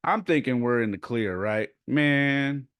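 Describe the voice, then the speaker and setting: 40s guy telling stories on his podcast, chatty and animated, dry close sound. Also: lowish voice, unhurried, no echo. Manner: animated storyteller who acts out quoted voices; turns quiet and subdued when speaking of loss. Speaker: podcast host. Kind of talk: casual personal storytelling.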